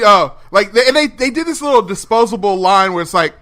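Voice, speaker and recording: A man co-hosting a casual podcast chat, animated and acting out incredulous quotes with laughs. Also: high-pitched, fairly quick, few pauses. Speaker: podcast co-host. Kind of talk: casual chat over a phone call.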